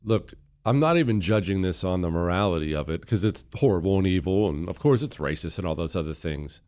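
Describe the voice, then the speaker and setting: A man's voice: deep voice, expressive, fairly quick, darkish tone. A man hosting a political commentary show, talking in a combative, sarcastic and mocking way as he reacts to clips.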